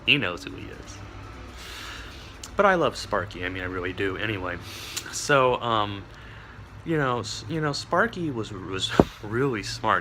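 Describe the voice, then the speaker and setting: A man's voice: lowish voice, sharp tone, a little hiss or hum. A man rambling through a wry, digressive monologue, full of asides and chuckles. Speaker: vlogger.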